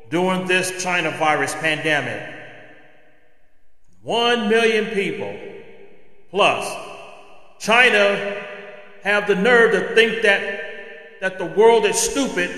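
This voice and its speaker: A man's voice: high voice, pushed and bright. A man hosting a podcast, delivering an angry political rant. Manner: angry, ranting. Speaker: podcast host. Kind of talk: political commentary monologue. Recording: roomy echo with long reverb.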